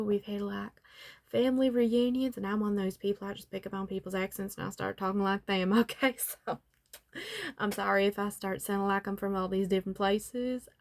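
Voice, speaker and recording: A woman in a whispered role-play as a chatty salon makeup artist, putting on a Southern US accent and calling the listener honey and darling. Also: mid-range voice. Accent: put-on Southern US. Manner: drifts between whisper and soft voice. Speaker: ASMR artist as makeup and magic salon worker.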